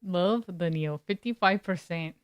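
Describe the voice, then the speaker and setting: A woman's voice: on the low side, unhurried, clear, resonant tone, no echo. A woman streamer chatting casually with her live viewers, laid-back and giggly, greeting people by name. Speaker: game streamer.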